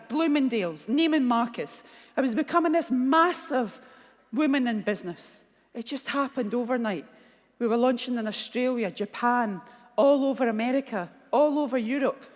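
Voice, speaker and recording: A middle-aged Scottish woman giving a keynote speech, telling blunt, animated stories and acting out the dialogue. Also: sits high. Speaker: keynote speaker. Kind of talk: motivational keynote storytelling. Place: large conference hall. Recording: long hall reverb.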